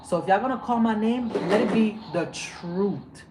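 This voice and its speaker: Ranting at a moderate pace, this young livestream host gets emotional and heated, swearing heavily and repeating lines to drive them home. Loud outbursts give way to quiet muttering. Her phone or webcam picks up a constant background noise.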